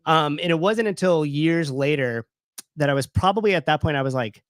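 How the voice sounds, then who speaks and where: A man's voice: a little high, expressive, moderate pace, dry recording, clean studio sound. A man in his thirties, a gym owner, telling a personal story in a loose, candid way, full of fillers and swearing. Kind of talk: casual storytelling.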